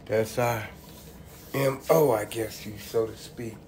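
Speaking slowly with fairly even intonation, this man's voice leans low and has vocal fry. He's a laid-back home cook vlogger in his kitchen, showing his food and talking to "y'all." The roomy space has faint ambience, and background noise is present.

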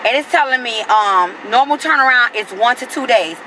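A woman's voice: fairly high pitch, moderate pace, a little hiss or hum, rough recording. A young woman vlogging casually to her viewers, chatty and venting at times. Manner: chatty, venting, animated when annoyed. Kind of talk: casual vlog chat.

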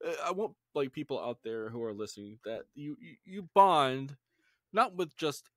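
A man's voice: fairly high pitch, lively intonation, normal speed, fairly bright tone, no room sound, clean studio sound. A man hosting a podcast, enthusiastic and rambling, swearing casually. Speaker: podcast host.

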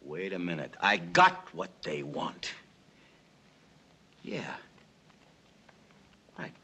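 An actor playing a streetwise big-city gangster boss, wheedling and bargaining in slang in a 1960s film. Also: male voice, medium pitch, big pitch swings, moderate pace, pushed and bright, breathy edge, full character voice. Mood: scheming.

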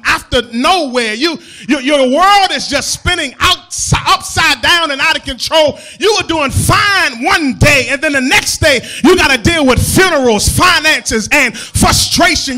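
A man preacher delivering a sermon in a church, with a rhythmic, sing-song, half-shouted cadence. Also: extremely high pitch, animated, unhurried, hardly any pauses, faint music behind.

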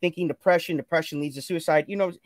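A man's voice: fairly high pitch, fast talker, no echo, studio quality. A man talking earnestly on a live stream, preaching self-love and good decisions in a repetitive, motivational way. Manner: earnest, preachy, repeats phrases. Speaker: guest. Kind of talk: motivational casual chat.

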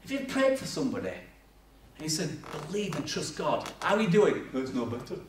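Man, preaching, fairly high voice, humorous storytelling, echoey church, mic at a distance. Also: huge pitch swings, fairly quick, slight background noise. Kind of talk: sermon. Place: church hall. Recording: echoey church hall from far off.

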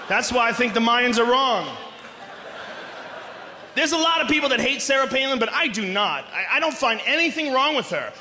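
A man doing a profane, ranting live stand-up set on a theater stage with a handheld mic. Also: high voice. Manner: loud, ranting, profane delivery. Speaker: stand-up comedian. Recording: echoey live theater with crowd noise.

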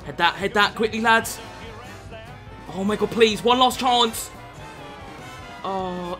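A man commentating his football video game with excitable, sweary energy, calling viewers lads. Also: high voice, slow pace, pauses often, faint music behind. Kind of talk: gameplay commentary.

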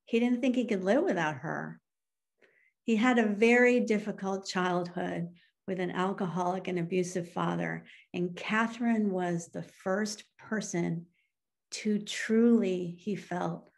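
A middle-aged woman minister telling a story in a sermon and reading a poem aloud, slow and earnest, with emotional swells. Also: fairly low pitch, vocal fry, a little mellow.

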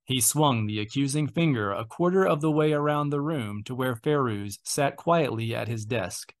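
A man reading an unabridged novel as an audiobook narrator, with steady, even storytelling. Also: mid-range voice, a little slow.

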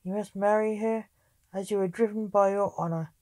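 A woman's voice: medium pitch, steady tone, moderate pace, dark tone, no room sound, close to an everyday voice. A woman voicing a stern nobleman who insists on honour, reading firmly and accusingly in her own voice. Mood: insistent. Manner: firm, accusing storybook reading.

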